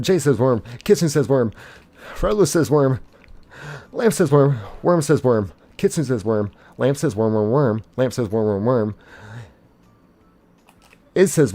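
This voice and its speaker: A man streaming a game live, casually reading his chat's messages aloud in a playful, excitable way. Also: medium pitch. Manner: reads chat messages aloud in quick succession, playful and excitable; casual, uses "y'all". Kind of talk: live gaming stream chat.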